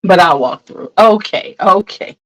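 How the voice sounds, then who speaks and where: Animated and unhurried, a woman with a medium-pitched, slightly bright voice reviews perfume in a casual vlog recorded in low quality. She's frank and blunt with her viewers, whom she often calls "y'all."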